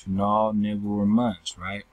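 Reading and explaining scripture, a male teacher checks in with his listeners by asking "right?" after nearly every phrase. His lowish voice is monotone and a little mellow, his pace slow and repetitive, and he treats the audience as family. The audio is poor, with no room sound.

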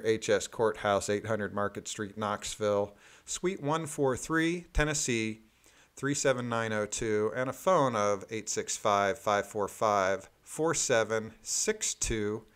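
A man reading court filings aloud in a methodical, deliberate way, adding plain spoken asides. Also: fairly low pitch, fairly bright tone, smooth.

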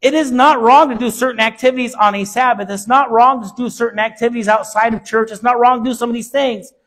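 Brief: man preaching, very high voice, emphatic and repetitive, swings between soft and loud. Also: steady tone, quick pace. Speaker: pastor. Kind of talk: sermon.

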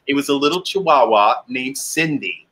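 With slight background noise behind him, a man runs a laid-back online chat show, eagerly reading viewer comments out loud. His voice is mid-range, animated and a bit bright, at normal speed.

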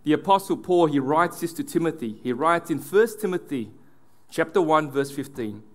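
A male pastor delivering a sermon, earnest, dropping low and soft on key words.

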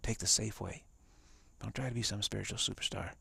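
Male spiritual teacher, live-streamed talk: a deep, heavily gravelly voice, emphatic and repetitive, slipping into whispers. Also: fairly even intonation, brisk, a bit bright, no echo.

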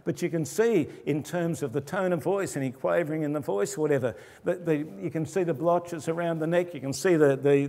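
Older male pastor, mellow tone, relaxed conversational sermon with quiet asides, long church reverb. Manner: conversational preaching, lowering his voice for quoted asides.

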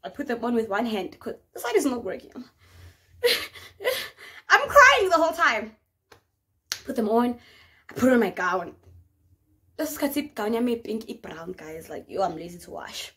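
South african girl telling a storytime vlog, high bright voice, swings all over the place. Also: moderate pace, pauses often. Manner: animated, dramatic retelling with slang. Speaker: vlogger.

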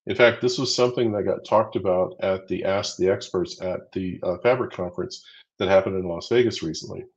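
A man's voice: low-pitched, brisk, highs cut off. A man co-hosting a live training stream, chatty and upbeat as he counts down quiz votes and walks through answers. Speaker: livestream co-host running a quiz. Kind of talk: casual livestream teaching.

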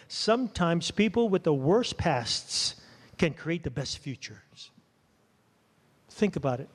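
Male pastor, lively conversational sermon, somewhat high voice, long echo of a church hall. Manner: animated, conversational preaching, checking in with "okay?". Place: church sanctuary.

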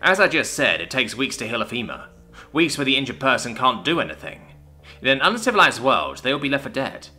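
A man voicing a thoughtful human man who explains his view in a measured, calm way. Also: mid-range voice, faint music behind, pitched above the performer's own voice.

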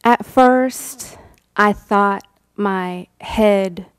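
Very slow, dry-voiced woman poet. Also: medium pitch, clear, resonant tone, no room sound. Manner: rhythmic, incantatory repetitions, dropping at times to a whisper; chatty and laughing between poems. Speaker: poet reading her work. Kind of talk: live poetry reading. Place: university reading event.

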